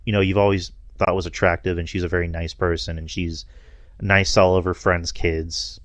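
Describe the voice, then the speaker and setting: A low-pitched man talking casually on a podcast, rambling through his thoughts with plenty of fillers and easy laughs. The sound is dry and close. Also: level tone, moderate pace, fairly bright tone, dry recording. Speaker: podcast co-host. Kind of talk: casual chat.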